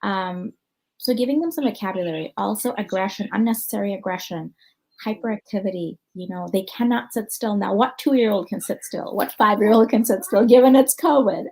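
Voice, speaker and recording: A woman's voice: mid-range voice, brisk, a little mellow, poor audio. A woman with an American accent, a clinical psychologist answering audience questions in a conversational conference talk, thinking aloud with plenty of ums and you-knows.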